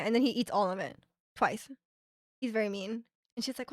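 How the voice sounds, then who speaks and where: A woman's voice: a little high, brisk, no room sound, studio quality. A young woman streaming, chatting casually with her viewers and retelling ads in a rambling way with many fillers.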